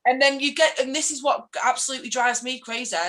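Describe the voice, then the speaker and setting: A woman's voice: high voice, fairly even intonation, fairly bright tone, low-quality recording. A woman with a Mancunian accent, an activist guest talking politics with passion and mimicking people she criticises. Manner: passionate, ranting, quick to mimic others. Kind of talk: casual political interview.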